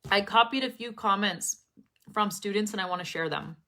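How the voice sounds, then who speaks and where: Speaking at normal speed with a bright, forceful, medium-pitched voice, a young woman coaches students on English pronunciation over a live stream. She's very clear and expressive, and she laughs a lot.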